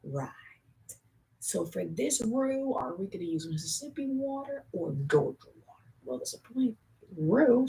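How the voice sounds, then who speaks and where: Gravelly-voiced woman rambling into her vlog. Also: fairly low pitch, darkish tone, low-quality recording. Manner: rambling, jokey, profane. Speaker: vlogger. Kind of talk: casual vlog chat to camera.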